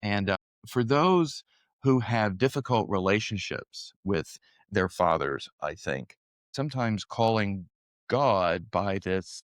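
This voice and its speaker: A man's voice: lowish voice, lively intonation, slow, no echo, studio quality. A young man co-hosting a conversational Bible study podcast, speaking in an earnest, thoughtful way and laughing easily. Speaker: podcast co-host.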